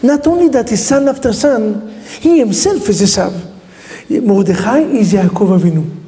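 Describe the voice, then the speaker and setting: A man's voice: high voice, lively intonation, moderate pace, mellow. A man, a rabbi, teaching a Torah lesson in non-native English with Hebrew terms, telling the story with animation and quizzing his listeners. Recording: reverberant hall.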